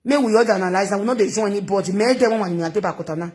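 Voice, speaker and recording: A woman's voice: mid-range voice, very fast, darkish tone. A Nigerian woman giving rambling, chatty gossip commentary into her phone, mixing in local phrases and laughing often. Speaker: social media commentator.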